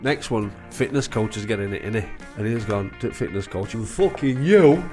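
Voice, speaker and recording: A man's voice: lowish voice, brisk, over loud music. A man, a former goalkeeper telling a sweary, laughing anecdote. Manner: loud, animated, sweary, laughing storyteller.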